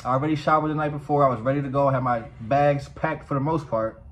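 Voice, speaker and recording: A man vlogging casually, telling a story in a profane, animated way. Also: mid-range voice, fast talker, poor audio.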